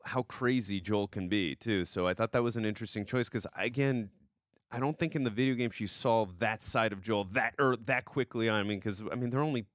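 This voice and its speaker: A man with a fairly low voice gives an enthusiastic, rambling review of a TV episode, often circling back and repeating his praise. The sound is dry and close. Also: a little fast, no echo. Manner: enthusiastic, repeats himself, many restarts. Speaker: show co-host reviewing TV. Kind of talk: casual reaction review chat.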